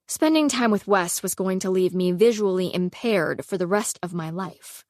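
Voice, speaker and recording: A young adult woman narrating a first-person audiobook with expressive storytelling. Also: medium pitch, normal speed, no echo, clean studio sound. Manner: expressive storytelling, voicing characters.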